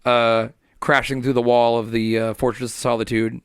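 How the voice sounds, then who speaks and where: A man hosting a pop culture podcast in casual chat, easygoing and wry, with quick interjections. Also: mid-range voice, flat delivery, clean tone, dry recording, studio quality. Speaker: podcast host.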